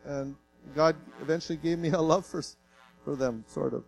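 A man's voice: a little high, fairly even intonation, moderate pace, creaky, faint music behind, poor audio. A male pastor from Canada preaching a sermon in an earnest, folksy way, mixing plain stories with light self-deprecating jokes and growing emotional.

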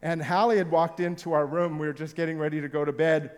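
A man's voice: a little high, fairly even intonation, fast. A man preaching a sermon as pastor, telling stories in a playful, jokey way and drawing the congregation into a little experiment. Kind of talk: sermon with audience participation. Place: large hall with live congregation. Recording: long hall reverb.

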